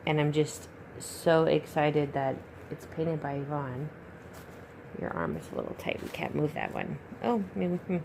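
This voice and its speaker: Gushing slow-talking woman unboxing. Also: low voice, big pitch swings, noisy background. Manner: gushing, breathy exclamations. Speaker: reborn doll collector and YouTuber. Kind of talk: unboxing vlog chat.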